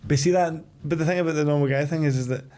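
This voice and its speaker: A man's voice: fairly high pitch, very fast, mellow. A man hosting a podcast in a heartfelt casual chat, often hesitating and repeating words. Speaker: podcast host.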